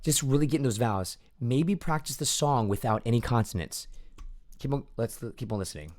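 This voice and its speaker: A man coaching a choir on singing, talking quietly at home at night and losing his voice a little. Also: medium pitch, expressive, a little fast. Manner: quiet, hushed speech to avoid waking kids. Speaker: vocal coach. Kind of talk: casual coaching talk over recordings.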